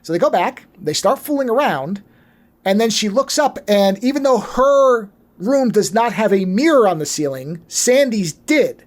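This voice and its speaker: Man, high voice, chatty podcast co-host, lively profane plot recap. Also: normal speed. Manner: animated storyteller, swears freely. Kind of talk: casual movie recap.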